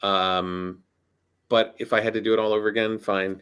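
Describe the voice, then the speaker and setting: A man, an actor and voice-over artist, speaking in a reflective, measured way on a panel. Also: fairly low pitch, flat delivery, fairly bright tone, smooth.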